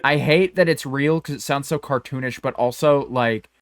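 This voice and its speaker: A man's voice: medium pitch, moderate pace, no room sound. A man co-hosting a podcast, chatting casually, opinionated and swearing, with many restarts. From American South or Southwest. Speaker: podcast co-host.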